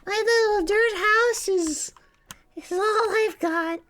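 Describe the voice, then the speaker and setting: A man doing a squeaky, wide-eyed kid voice that gushes over other players' builds with silly made-up exclamations. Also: slow, bright, forceful tone, full character voice. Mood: awestruck.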